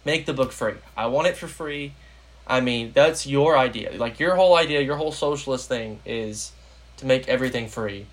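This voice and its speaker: A man's voice: mid-range voice, normal speed. A young American man hosting a casual political podcast, rambling with lots of fillers. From United States. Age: young adult. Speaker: podcast host.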